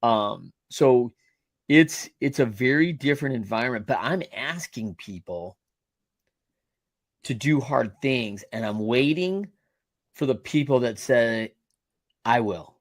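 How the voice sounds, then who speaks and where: A man's voice: medium pitch, expressive, takes it slowly, no echo. A middle-aged man hosting a podcast interview, talking casually in loose, rambling sentences full of restarts. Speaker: podcast host and coach.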